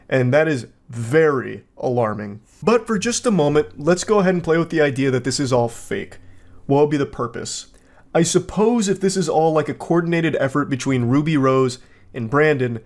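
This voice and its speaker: A man giving casual online video commentary with sarcastic, deadpan asides. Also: mid-range voice.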